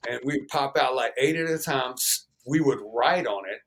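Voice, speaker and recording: A man's voice: medium pitch, moderate pace. Profane man telling stories. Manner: profane, animated, acts out quoted voices. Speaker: guest musician. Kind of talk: casual interview storytelling.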